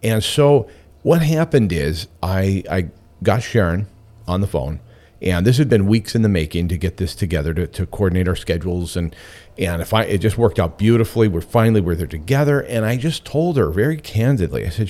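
A man's voice: sits low, expressive, brisk, warm tone. A man hosting a radio show, talking in a chatty, candid and enthusiastic way. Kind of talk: casual radio talk.

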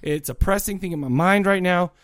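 Guy rambling on his podcast, kinda high voice, dead dry sound. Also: fairly quick, no room sound. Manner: rambling, restarts a lot. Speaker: podcast co-host. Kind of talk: casual podcast chat.

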